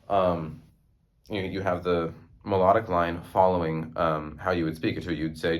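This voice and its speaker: A man's voice: deep voice, measured pace. A young man, a music student, giving a class presentation on a song, hesitant and full of ums and restarts, recorded on a phone. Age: young adult.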